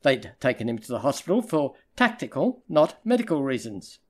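A man narrating a crime novel audiobook in a steady, even storytelling manner. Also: mid-range voice, moderate pace. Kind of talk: scripted narration.

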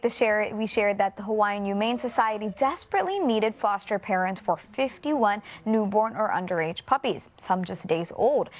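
A woman anchoring a morning news broadcast, reading weather and stories in a friendly, bright manner. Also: a little high.

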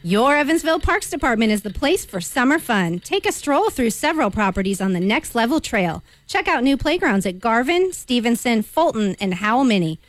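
A woman, a guest on a radio show, reads a promotional script quickly and brightly against a time limit. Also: fairly high pitch, big pitch swings, dry recording. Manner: brisk, bright, rushing against the clock. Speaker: parks department executive director, guest. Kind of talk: fast timed promotional read.

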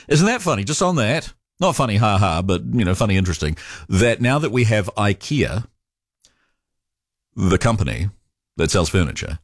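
A man's voice: on the low side, animated, normal speed, no echo, studio quality. A man with a New Zealand accent hosting talkback radio, chatting casually in a musing, self-interrupting way. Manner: chatty and musing, with frequent restarts and chuckles. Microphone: studio microphone.

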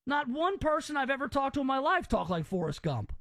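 High-voiced opinionated man. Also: big pitch swings, a little fast, fairly bright tone, no room sound. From Southern US. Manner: opinionated and rambling. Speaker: podcast host. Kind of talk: casual chat.

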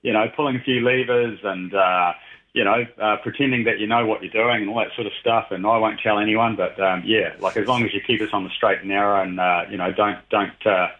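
A middle-aged man, a heritage train operator who appears regularly as a radio guest, chats casually over a tinny phone line. His lowish voice stays fairly even and a little fast as he rambles, using many fillers.

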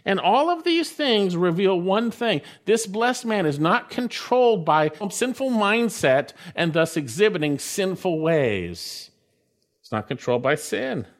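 A man's voice: high voice, sing-song, unhurried. A man preaching a sermon, reading scripture and stressing key phrases with emphasis. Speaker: pastor.

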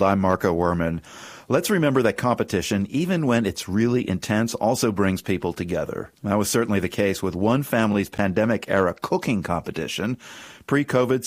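A man hosting a radio news program, reading a measured scripted introduction. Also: on the low side, dry recording.

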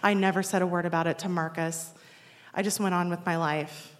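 A woman's voice: fairly low pitch, fairly even intonation, fairly quick. Wry woman in her forties, roomy echo. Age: 40s. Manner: wry, self-deprecating, laughing through the story. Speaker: storyteller. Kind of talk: personal storytelling to a live audience.

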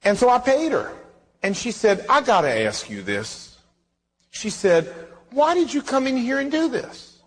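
Animated, husky-voiced man preaching in a hall. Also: very high-pitched, a little slow. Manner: animated storytelling, acts out dialogue. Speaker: pastor. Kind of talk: sermon. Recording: reverberant hall.

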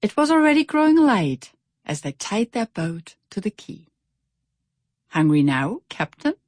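A woman reading a children's storybook aloud in an expressive, animated way. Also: a little high, normal speed, dry recording, clean studio sound. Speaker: narrator. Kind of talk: storybook narration.

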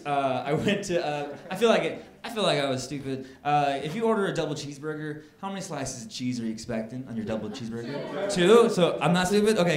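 A stand-up comedian, a man with a somewhat high voice, working himself up into indignant shouting. He is recorded in an echoey club room. Loud crowd laughter rolls in behind him. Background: audience laughing.

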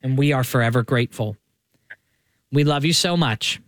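A man hosting a radio show, reading a heartfelt letter aloud in a slow, earnest way from the studio. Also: mid-range voice, a bit bright, dry recording. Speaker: radio host.

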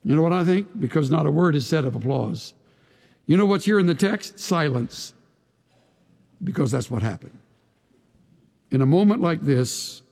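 A pastor preaching a sermon to his congregation, dramatic and emphatic, sometimes dropping to a hushed voice. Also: on the high side, vocal fry. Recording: long reverb of a large hall.

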